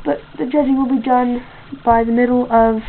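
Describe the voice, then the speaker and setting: A woman's voice: fairly high pitch, steady tone, normal speed, phone-quality sound, slight background noise. A female contest host in a casual home video, rambling and correcting herself often. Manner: rambling, with many fillers and self-corrections.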